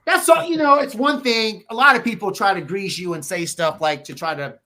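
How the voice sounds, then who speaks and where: High-pitched, animated man. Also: fairly quick. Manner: animated storyteller, swears freely, quotes people in lively put-on voices. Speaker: podcast guest, real estate agent. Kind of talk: casual podcast interview.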